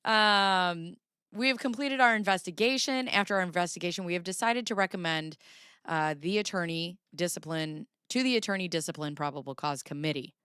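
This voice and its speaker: A woman's voice: on the low side, a bit bright, smooth, no echo, clean studio sound. A woman hosting a livestream, chatting with viewers and reading legal documents aloud, giggly and chatty. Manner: giggly, chatty, talks to chat. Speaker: livestream host.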